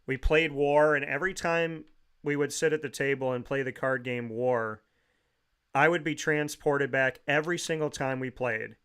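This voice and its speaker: A man's voice: medium pitch, moderate pace, a bit bright, clean tone. A man hosting a talk show, telling heartfelt family memories in a rambling way with frequent restarts.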